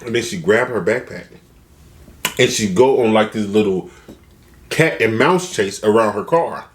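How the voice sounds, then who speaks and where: A man's voice: fairly low pitch, unhurried, a little hiss or hum. A man retelling a story casually for a food vlog, acting out the people he quotes. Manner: animated, acts out quotes with shifting voices. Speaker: mukbang vlogger.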